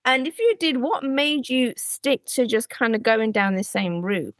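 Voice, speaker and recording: A woman's voice: fairly high pitch, measured pace, dry recording. A woman hosting a podcast interview, reacting with eager exclamations and asking questions. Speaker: podcast host. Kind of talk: casual interview.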